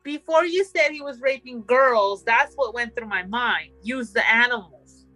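A woman's voice: a little high, a little slow, pushed and bright, faint music behind. A woman co-hosting a podcast in casual chat, blunt and easily disgusted. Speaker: co-host.

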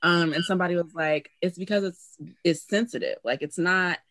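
A woman chatting casually about a film on a podcast, relaxed and full of filler words. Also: fairly low pitch, a little fast, slight background noise. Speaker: podcast panelist.

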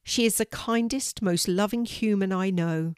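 An older woman voicing a polite, gentle, regal pampered female house cat in a storybook reading. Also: medium pitch, a little slow, clear, resonant tone, no room sound, clean studio sound, close to an everyday voice. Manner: polite, gentle, well-spoken.

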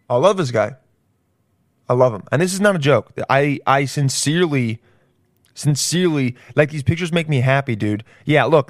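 Excitable, slangy man riffing. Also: medium pitch, dry recording, clean studio sound. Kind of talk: casual comedic riffing.

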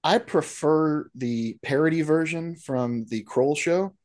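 A man's voice: a little high, takes it slowly, a little mellow. A man co-hosting a movie podcast, chatting casually and joking, often trailing off and restarting. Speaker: podcast co-host. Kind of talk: casual chat.

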